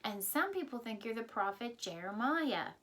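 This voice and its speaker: A woman's voice: on the high side, big pitch swings, normal speed, a bit bright. A woman teaching a Sunday school lesson, retelling a Bible story in simple words and often reminding her listeners of earlier lessons.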